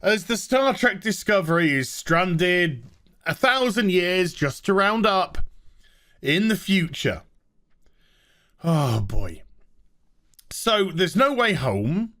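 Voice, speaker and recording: Exasperated sarcastic man ranting, slow. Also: sits high, big pitch swings, pushed and bright. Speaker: TV show reviewer. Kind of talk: ranting review vlog.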